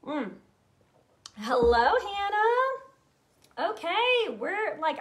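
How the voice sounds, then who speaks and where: A woman in her thirties, a sales team leader, giving an energetic, earnest live training talk straight to her viewers. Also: on the high side, unhurried. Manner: energetic, earnest, fired up, talks directly to viewers.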